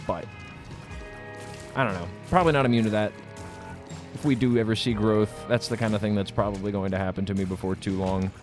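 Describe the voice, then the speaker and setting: A man's voice: lowish voice, steady tone, fairly quick, pauses often, faint music behind. A man livestreaming, reading out his chat and answering it in a combative, sarcastic way, swearing freely and laughing at his own jokes. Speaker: streamer.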